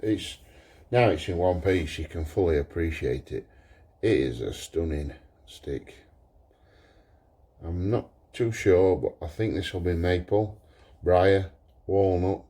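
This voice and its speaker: A man, a pipe maker talking through his workshop repair in a relaxed, thinking-aloud way. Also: sits low, takes it slowly. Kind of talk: workshop vlog.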